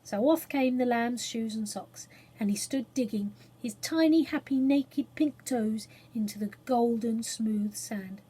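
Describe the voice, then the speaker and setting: Breathy woman reading a storybook. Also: a little high, unhurried, poor audio. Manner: gentle expressive read-aloud, softening to a hush in places.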